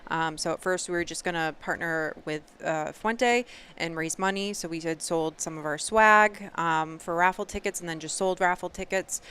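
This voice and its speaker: A woman's voice: lowish voice, moderate pace, few pauses, fairly bright tone, smooth. A woman co-hosting a podcast in casual chat, talking freely with frequent ums. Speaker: podcast co-host.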